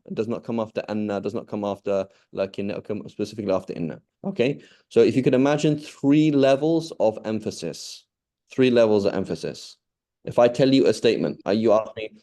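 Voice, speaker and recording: Mellow-voiced male Arabic teacher. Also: on the low side, fairly quick. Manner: explains patiently with examples, often checks with "okay?". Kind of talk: online grammar lesson.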